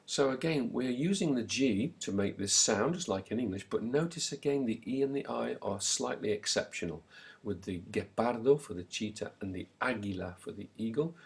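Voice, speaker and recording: A man teaching a recorded language lesson, slowly and clearly modelling words and pausing so the listener can repeat them. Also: medium pitch, animated. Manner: slow, clear modelling of words with pauses for repetition.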